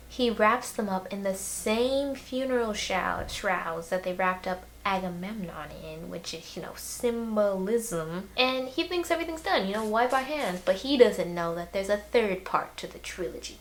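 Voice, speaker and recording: A young woman giving a casual summary lesson, chatty and irreverent, with slangy jokes and quick asides. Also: medium pitch, a little hiss or hum. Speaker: educational video host.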